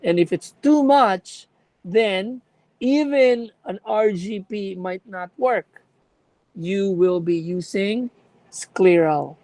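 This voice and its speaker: Slow-talking woman teaching a class. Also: mid-range voice, warm tone, no room sound, low-quality recording. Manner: explains by example, checks with students. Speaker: lecturer. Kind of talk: classroom lecture on contact lenses.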